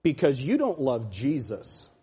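A man preaching a sermon as pastor, mocking, jumping from loud laughing shouts down to low muttering. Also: wildly swooping pitch, measured pace, breathy edge.

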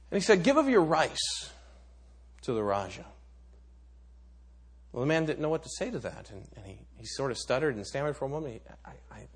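A man's voice: medium pitch, slightly rough. A man preaching a sermon, telling a story dramatically with some stammered restarts.

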